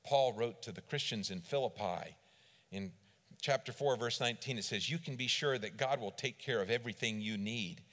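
A middle-aged man preaching a sermon as a church district superintendent, telling stories and swinging between loud emphasis and quiet asides. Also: medium pitch, moderate pace. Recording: long reverb of a large hall.

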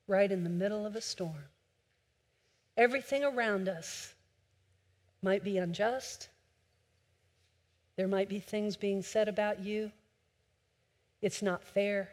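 A woman's voice: medium pitch, takes it slowly, pauses often. Woman preaching in an echoing hall. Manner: impassioned, swinging from loud urging to soft hush. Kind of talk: sermon. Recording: long hall reverb.

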